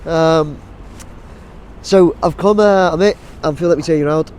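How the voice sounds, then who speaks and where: A drone vlogger with a blocked nose from a cold rambles casually outdoors by a busy building site, with many ums and restarts. His fairly high voice is a little mellow, clear and resonant, at normal speed. Faint site and traffic noise and wind can be heard in the background.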